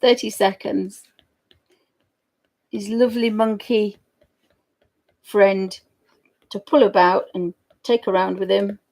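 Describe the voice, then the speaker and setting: A woman's voice: medium pitch, steady tone, slow, gravelly, pauses often, a little mellow. A woman chatting casually and giggling as she draws live for viewers. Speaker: digital artist streamer. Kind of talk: casual chat while drawing live.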